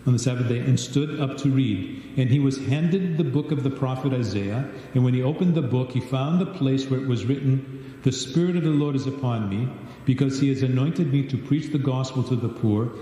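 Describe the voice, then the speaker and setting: A man's voice: mid-range voice, brisk, few pauses, dark tone. A man leading a Bible study, reading scripture aloud and asking questions of the group. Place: large church hall. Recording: distant echoey church livestream.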